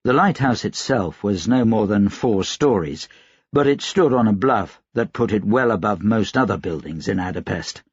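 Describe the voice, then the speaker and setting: Brief: male audiobook narrator, husky gravelly low voice, measured read, dry dull recording. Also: lively intonation, dry recording. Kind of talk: scripted narration.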